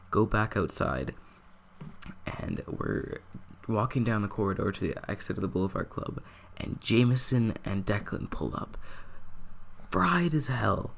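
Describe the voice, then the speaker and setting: In loose vlog fashion, a young man rambles through a story about himself, cursing freely and saying "like" almost every phrase. He has a lowish voice with vocal fry, and there's slight background noise.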